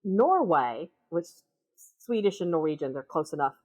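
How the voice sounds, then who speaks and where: Woman with a Minnesota accent, chatty guest, animated anecdote-teller. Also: sits low, normal speed. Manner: animated, acts out voices in her anecdotes. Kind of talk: casual storytelling conversation.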